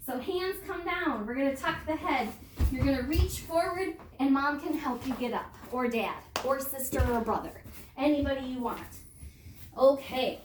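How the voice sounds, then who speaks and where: A woman's voice: sits high, a little hiss or hum. A young woman coaching a beginner kids' gymnastics class, talking patiently and checking in with "okay?" after each step. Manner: patient, ends phrases with "okay?". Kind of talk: instructional demonstration for kids. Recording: echoey gym from far off.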